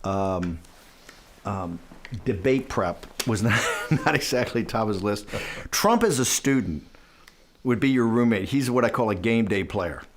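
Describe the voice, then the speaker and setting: A man's voice: lowish voice, a little slow, a little hiss or hum. A man being interviewed for a documentary. He tells his story with animation, acts out dialogue, and often repeats words and restarts sentences.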